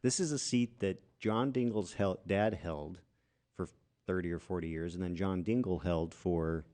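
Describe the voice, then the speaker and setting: A man's voice: low-pitched, normal speed, warm tone. A man hosting a casual interview podcast, adding names and facts in a conversational way. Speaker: podcast host.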